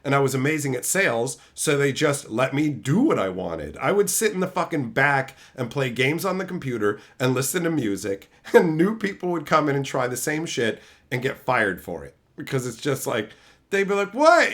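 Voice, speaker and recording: Speaking at medium pitch and a moderate pace, a man hosting a stream launches into a casual rant of profane old-job stories. His storytelling is animated, with impressions of coworkers in quotes.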